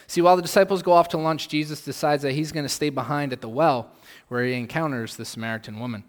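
A male pastor with a fairly high voice and fairly even intonation preaches at a quick pace. He poses rhetorical questions and swings between loud emphasis and soft asides, all within a long hall reverb.

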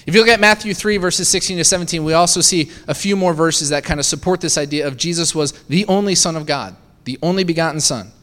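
A man's voice: on the high side, quick pace, hardly any pauses, a bit bright. Preaching man in an echoing hall. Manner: conversational, asks the congregation rhetorical questions with frequent "right?". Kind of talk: sermon.

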